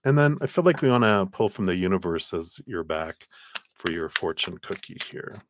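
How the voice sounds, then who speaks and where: A middle-aged man reading tarot cards on a live stream, offering gentle, encouraging spiritual advice. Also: sits low, lively intonation, moderate pace, a little hiss or hum. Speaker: tarot card reader.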